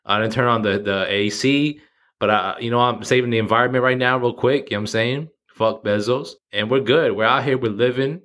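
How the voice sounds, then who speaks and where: A man's voice: mid-range voice, brisk, a bit bright. A man around thirty hosting his own podcast, talking casually and rambling, swearing freely and poking fun at himself. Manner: rambling, profane, self-mocking, laughs at himself. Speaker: podcast host. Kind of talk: casual solo podcast monologue.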